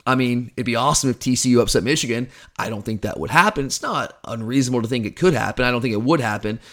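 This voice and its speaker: A man's voice: medium pitch, fast talker, a bit bright. A man co-hosting a sports podcast, talking casually in a rambling, opinionated way about college football. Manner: rambling, opinionated, self-deprecating. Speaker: podcast co-host.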